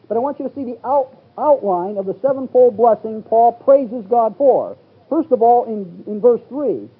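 Here a man with a high, slightly rough voice delivers a Bible teaching sermon. Reading scripture in King James wording, he explains it one verse at a time, now and then rising to an exclamation, and the sound is phone-like and lo-fi.

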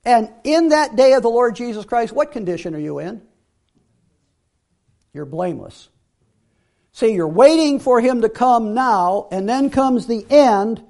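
A man giving a Bible teaching sermon, emphatic, repeating key phrases and dropping to quiet asides. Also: very high-pitched, lively intonation, measured pace, creaky.

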